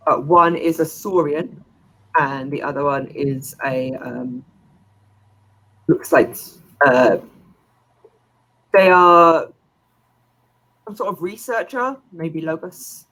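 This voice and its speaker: A woman's voice: sits low, lively intonation, slow pace, long pauses, fairly bright tone, low-quality recording. A woman game master who narrates a tabletop game in a chatty way, with frequent laughs and fillers.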